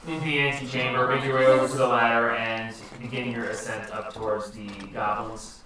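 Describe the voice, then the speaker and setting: A man narrating a tabletop game as game master, in an animated way. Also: mid-range voice, fairly quick, slight background noise. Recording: echoey room, far from mic.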